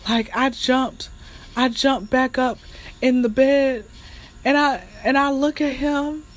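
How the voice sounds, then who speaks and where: A woman hosts a candid solo podcast, her voice sitting high as she takes things slowly. She's chatty and animated, telling frank stories with laughs and speaking straight to her listeners, whom she calls y'all.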